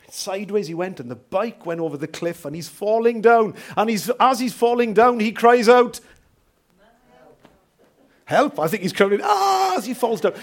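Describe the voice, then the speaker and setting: A man preaching a sermon as pastor in a church, telling stories lively and asking rhetorical questions. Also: high-pitched.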